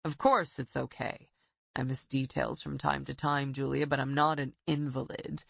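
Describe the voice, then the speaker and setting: A woman's voice: extremely low pitch, steady tone, moderate pace, gravelly, fairly bright tone, dry recording, highs cut off, voice pushed down, heavily acted. A woman voicing an older retired male detective who speaks bluntly, with wry and stubborn pride, in an audiobook. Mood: gruff.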